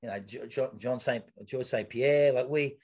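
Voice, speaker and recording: A middle-aged man, a podcast guest telling an anecdote in a lively, chatty way, often restarting and repeating words. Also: mid-range voice, normal speed. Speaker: podcast guest, retired athlete.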